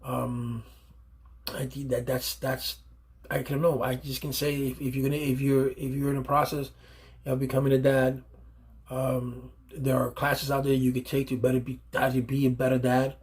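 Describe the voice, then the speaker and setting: Husky-voiced man giving earnest advice. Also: medium pitch, completely flat delivery, moderate pace, a little mellow. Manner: earnest, emphatic, repeats and restarts phrases. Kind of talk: unscripted advice monologue.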